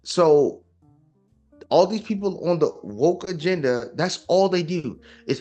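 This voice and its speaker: Man, emphatic lecturing tone, rhetorical questions, fairly high voice, faint guitar music underneath. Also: expressive, slow, a little mellow. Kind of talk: casual opinion talk.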